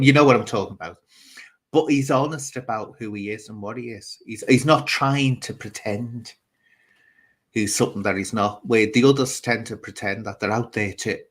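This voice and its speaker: With a medium-pitched, fairly bright voice, this man runs his own channel and chats gossipily on a livestream. He addresses viewers head-on, wandering into asides and frequently restarting.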